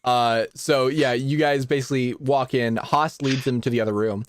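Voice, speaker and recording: A man's voice: mid-range voice, fairly even intonation, moderate pace, no room sound. A man narrating a tabletop game as game master, casual, filler-heavy and often laughing.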